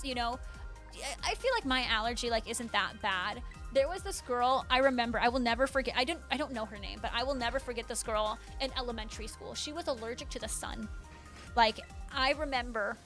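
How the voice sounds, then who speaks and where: Woman, high pitch, chatty, filler-heavy livestream chat, bursts of surprise, faint background music. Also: a bit bright. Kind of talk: casual livestream chat, reading and answering chat.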